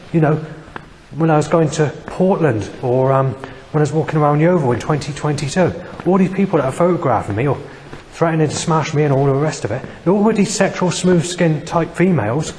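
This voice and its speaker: A man's voice: fairly high pitch, brisk, a little mellow. Agitated man rambling in a reverberant space. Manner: agitated, profane, repetitive. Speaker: vlogger. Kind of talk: rambling spoken monologue. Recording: long reverb, faint background noise.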